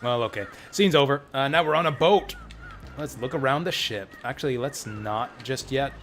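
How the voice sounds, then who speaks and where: A man's voice: mid-range voice, normal speed, fairly bright tone. A man streaming an old role-playing game, chatting casually and reading the game's text aloud with his own asides. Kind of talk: casual let's-play commentary. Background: faint game music.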